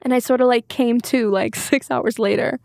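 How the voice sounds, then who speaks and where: A woman's voice: a little high, fairly even intonation, normal speed, vocal fry, darkish tone, dry recording, studio quality. A woman singer-songwriter speaking openly as a podcast guest, rambling and full of filler words. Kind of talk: candid podcast interview.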